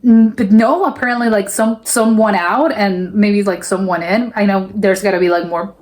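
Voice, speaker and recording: A young woman from South America talks through her reactions in a casual, chatty way. Her voice sits at a middle pitch for a woman, and she trips over her words and fills gaps with "like" as she goes. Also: moderate pace. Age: young adult. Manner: chatty, animated, many restarts and fillers like "like". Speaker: reaction video host. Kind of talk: casual chat reacting to a video.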